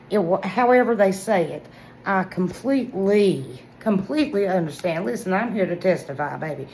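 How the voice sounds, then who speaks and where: A woman, chatting excitedly straight to her viewers about products she loves. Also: mid-range voice, normal speed, a little hiss or hum, poor audio. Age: 40s. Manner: excitable, chatty, talks straight to viewers with lots of "y'all" and "listen". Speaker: vlogger reviewing products. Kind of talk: casual product review vlog.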